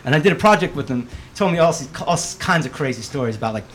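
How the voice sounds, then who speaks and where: Profane, animated storytelling man. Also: fairly high pitch, fast, slight background noise. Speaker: guest. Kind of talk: casual storytelling chat.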